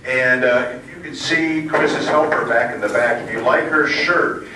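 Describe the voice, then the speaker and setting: A man's voice: medium pitch, measured pace, sharp tone. A man from the school staff making a casual announcement to the students. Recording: echoey room from far off, noisy.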